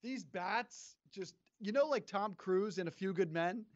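A man cracking dry, mock-serious jokes on a podcast from his home studio. His voice is high-pitched. The sound is very dry and dull, with a lo-fi edge. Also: a little slow, dry recording. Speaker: podcast co-host. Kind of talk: casual sports podcast banter.

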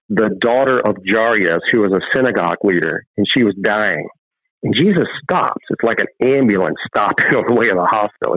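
A man's voice: medium pitch, no room sound. Male guest preacher-storyteller, fervent, acts out scripture voices, muffled remote line. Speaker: guest, filmmaker and ministry founder.

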